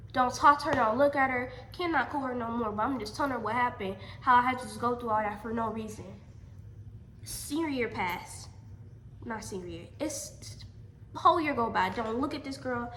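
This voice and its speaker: A young adult woman telling a personal story in a storytime vlog, animated and emphatic, often repeating her lines. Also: on the high side, slight background noise. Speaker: vlogger. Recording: echoey room.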